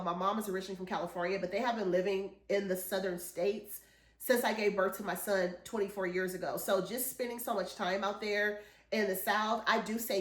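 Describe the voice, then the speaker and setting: A woman in her forties chatting casually through a shopping haul, rambling and enthusiastic. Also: medium pitch. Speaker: haul vlogger. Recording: echoey room.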